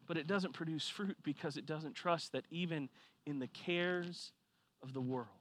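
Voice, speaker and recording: A man preaching a sermon, telling a personal story with lively swings from quiet reflection to loud excitement. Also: fairly high pitch, moderate pace. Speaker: pastor.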